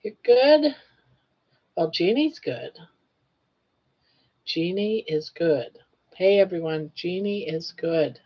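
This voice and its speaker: An older woman chats in an unhurried, drawn-out way as she hosts a live crochet stream. She coos fondly at her pet between greetings to viewers. The audio is dull and muffled, like a lo-fi live stream. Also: on the low side, animated. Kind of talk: casual live-stream chat.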